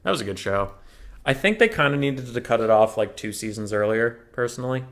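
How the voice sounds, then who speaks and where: A man's voice: mid-range voice, expressive, fairly quick, fairly bright tone. A young man casting a strategy game tournament, chatty and joking as he thinks aloud about the matchups. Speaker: tournament caster. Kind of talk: casual game commentary.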